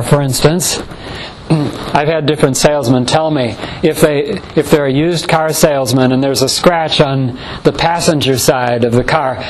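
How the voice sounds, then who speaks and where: A man preaching a morning sermon, measured and earnest, slowing down to stress scripture quotations. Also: on the high side, a little hiss or hum, rough recording.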